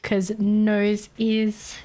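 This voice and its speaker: A woman's voice: medium pitch, monotone, extremely slow, warm tone, soft background music. A young Australian woman chatting casually on a live stream, laughing often and poking fun at accents. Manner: giggly, chatty, mocks accents.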